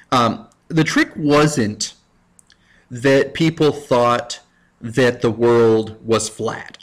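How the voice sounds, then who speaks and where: A man teaching history in a loose, casual lecture. His pitch jumps around a lot as he tosses off jokes and self-mocking asides to his students. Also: fairly bright tone. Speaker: high school history teacher.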